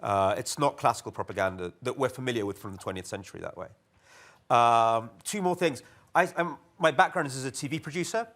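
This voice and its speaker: A man on a conference panel, talking in a wry and lively way. He often slips into mock voices to quote other people. His pitch sits in an ordinary middle range. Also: a little fast. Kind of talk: panel discussion remarks. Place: conference hall.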